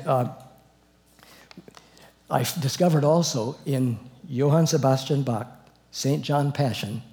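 Speaking in a mid-range voice, an older Bible teacher wanders through a learned, expository lecture on scripture. He moves between quiet passages of reading and loud, forceful outbursts.

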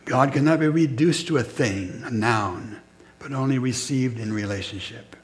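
A man preaching a sermon in a measured, reflective way, pausing between short phrases. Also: mid-range voice.

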